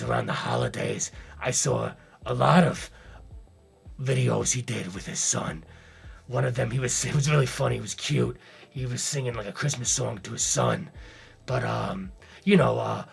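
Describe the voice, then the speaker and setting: A man's voice: medium pitch, gravelly, husky. A man co-hosting a podcast, talking in a laid-back, conversational way. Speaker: podcast co-host. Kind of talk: casual chat.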